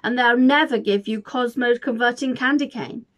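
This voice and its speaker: A woman doing a tearful young boy yelling back. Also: a little high, moderate pace, close to an everyday voice. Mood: defiant. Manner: shouting through tears.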